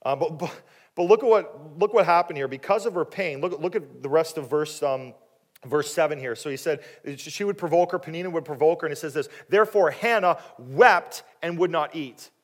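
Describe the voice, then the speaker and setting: Animated male preacher, higher voice. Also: fairly quick. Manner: animated, acting out quoted voices with big swings in pitch and loudness; drops to a low, quiet voice for questions to the listeners. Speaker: pastor. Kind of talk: sermon.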